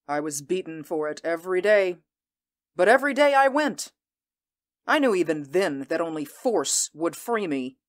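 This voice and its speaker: Fields: Figure: proud warrior queen, acted by a woman. Pitch: lowish. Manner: intense, measured and commanding. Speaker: voice actor. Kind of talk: audio drama acting.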